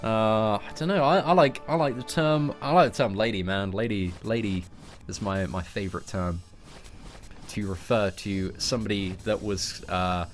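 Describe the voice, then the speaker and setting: A man's voice: lowish voice, moderate pace, faint music behind. Jokey English man streaming games. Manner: jokey, chatty, calls listeners mate and boys. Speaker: gaming streamer. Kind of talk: casual live-stream chat while gaming.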